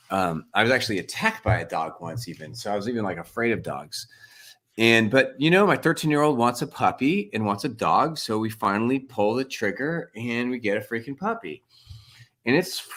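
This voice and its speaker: A man in his forties, a family coach, telling rambling stories in a casual interview and leaning on "like" a lot. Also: lowish voice. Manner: rambling, animated, heavy use of "like" and "freaking". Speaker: family coach, podcast guest.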